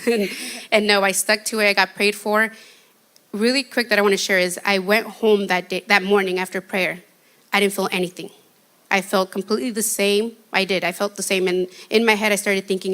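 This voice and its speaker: A shy woman giving an earnest, halting testimony in a church interview. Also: mid-range voice, fairly even intonation, fairly bright tone.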